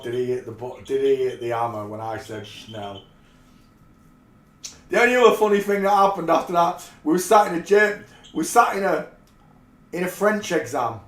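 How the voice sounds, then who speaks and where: A man from England, telling rambling anecdotes in a casual way and often breaking into laughter. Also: a little high. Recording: roomy echo.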